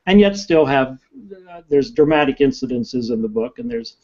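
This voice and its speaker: A man, an author, talking in a casual interview and telling stories in an animated way. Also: medium pitch, moderate pace, dull audio. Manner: animated, talkative storyteller.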